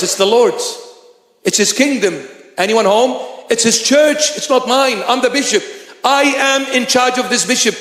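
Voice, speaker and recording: A man preaching as bishop in a church, impassioned, acting out little scenes and rising to shouts. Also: high voice. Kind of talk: sermon. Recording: echoey hall reverb.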